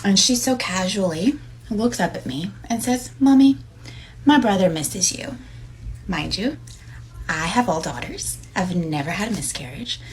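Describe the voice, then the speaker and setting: Lively mom with a swooping voice. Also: female voice, on the low side, normal speed, low-quality recording. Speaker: mother. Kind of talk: casual storytelling.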